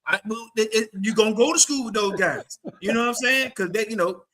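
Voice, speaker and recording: Animated man telling a story. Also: high voice, fairly quick. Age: adult. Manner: animated, acts out quotes in raised voice. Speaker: podcast co-host. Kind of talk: casual chat, storytelling.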